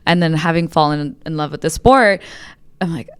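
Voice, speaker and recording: A woman's voice: sits low, brisk, smooth. A woman co-hosting a podcast, asking questions in a hesitant, casual way. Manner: hesitant, many "uh" fillers and restarts. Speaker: podcast co-host. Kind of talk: casual interview chat.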